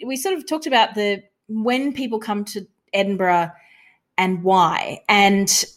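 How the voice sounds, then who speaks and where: A woman's voice: medium pitch, steady tone, unhurried. A young adult Australian woman telling stories in a casual podcast interview, acting out the lines she said to people. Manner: chatty storytelling, acts out quoted lines. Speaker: guest, touring comedy performer.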